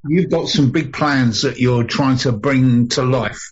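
A man's voice: medium pitch, unhurried, husky. A man hosting a show and interviewing a guest in a chatty, jokey way. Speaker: show host. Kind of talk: casual interview chat. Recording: dull lo-fi audio.

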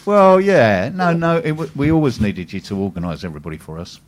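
A man's voice: fairly low pitch, big pitch swings, quick pace, darkish tone. A man hosting a business radio show, chatting and teasing his co-host. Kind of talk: casual radio chat.

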